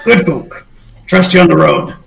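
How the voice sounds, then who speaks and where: A man's voice: a little high, unhurried, gravelly, echoey room, recorded from a distance, a little hiss or hum, rough recording. A man voicing Bilgy, a chummy male boat-folk innkeeper who coaxes people with sailor talk. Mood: approving.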